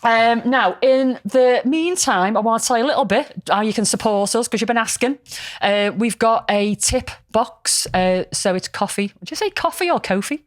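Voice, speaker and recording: A woman's voice: on the high side, lively intonation, moderate pace, hardly any pauses, no echo, clean studio sound. A woman co-hosting a podcast in casual chat, talking in a rambling, frank and jokey way. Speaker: podcast co-host.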